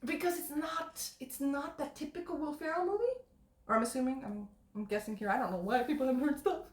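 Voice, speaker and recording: A woman's voice: high voice, quick pace. A woman hosting a casual live stream from her kitchen, rambling and laughing as she chats. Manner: rambling, laughing often, restarts. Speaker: stream host. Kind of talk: casual chat. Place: home kitchen. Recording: echoey room.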